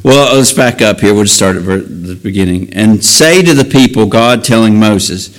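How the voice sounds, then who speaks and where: A man's voice: lowish voice, moderate pace, few pauses, poor audio. A man preaching a sermon and reading scripture aloud, earnest, often building to emphatic raised passages.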